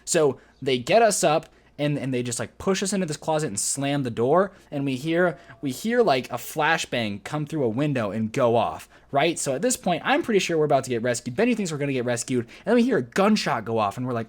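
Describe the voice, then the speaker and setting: A man's voice: mid-range voice, sing-song, a little fast, hardly any pauses. A young man telling a jokey story on his vlog, full of slang and playful exaggeration. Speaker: vlogger.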